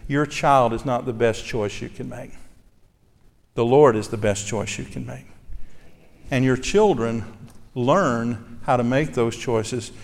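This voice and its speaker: A man's voice: medium pitch, slow pace, creaky, long pauses. A man preaching a sermon as pastor, earnest and conversational, asking his congregation rhetorical questions. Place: church sanctuary. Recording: long reverb of a large church hall.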